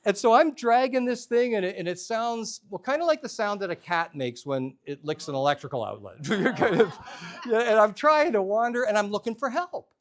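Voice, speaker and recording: A man's voice: high voice, expressive, normal speed. A man telling a comic story at a live workshop, self-deprecating and humorous. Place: workshop room with a live audience.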